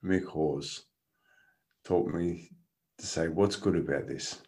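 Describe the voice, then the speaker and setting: A man's voice: deep voice, slow. A man, a guest casually telling a story and laughing through it. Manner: animated, laughs through his stories.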